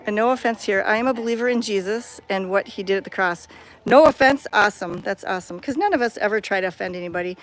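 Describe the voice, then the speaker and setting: A woman's voice: medium pitch, fast talker, faint music behind. A woman vlogging on a phone camera outdoors at a cat sanctuary, chatting in a bubbly, enthusiastic way. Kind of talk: casual walking vlog. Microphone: handheld phone camera.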